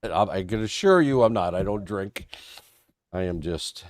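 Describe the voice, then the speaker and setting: A man's voice: sits low, expressive, normal speed, no echo, clean studio sound. Folksy man with a head cold. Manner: folksy, rambling, self-deprecating. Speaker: trading show moderator. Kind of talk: live-stream market talk.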